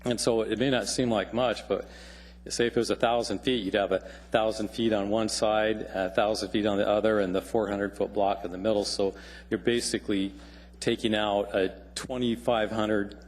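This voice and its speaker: A man's voice: fairly low pitch, level tone, moderate pace. A man, a planner and surveyor, giving plain-spoken public testimony at a city assembly and explaining his points step by step. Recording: long hall reverb in assembly chamber.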